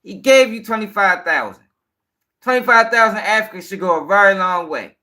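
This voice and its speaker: A man's voice: high-pitched, normal speed, pushed and bright. A man hosting a live-stream news show, ranting in casual, profane, rambling talk and sounding tired.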